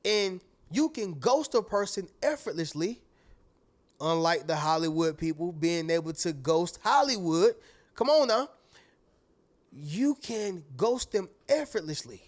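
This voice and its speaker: High-voiced man preaching casually to viewers. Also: expressive, a little slow. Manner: preachy and conversational, addresses viewers as "y'all" and "family"; repeats key phrases for emphasis. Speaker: motivational speaker. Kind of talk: motivational monologue to viewers.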